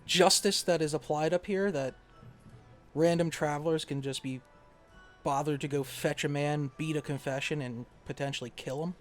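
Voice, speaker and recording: A man's voice: fairly high pitch, fairly even intonation, normal speed, faint music behind. A man playing a tabletop game, speaking in character in a formal, pondering way. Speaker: player.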